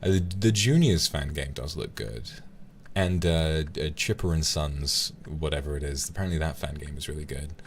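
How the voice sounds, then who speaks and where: A man's voice: a bass voice, moderate pace, slight background noise. A man chatting casually to his stream viewers in a rambling, playful way, often laughing.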